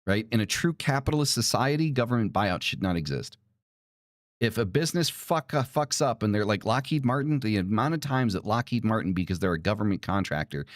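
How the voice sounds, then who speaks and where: A fairly low-pitched man hosts a podcast, launching into a heated solo rant full of curses and repeated "right?" and "like." It's studio-quality audio with no room sound.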